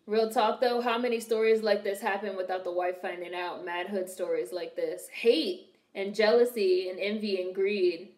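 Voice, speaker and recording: A young D.C. woman with a mid-range, a little mellow voice reacts to a film in casual commentary, speaking at normal speed in a steady tone. She's blunt and cracks profane jokes, and the room sounds big and echoey.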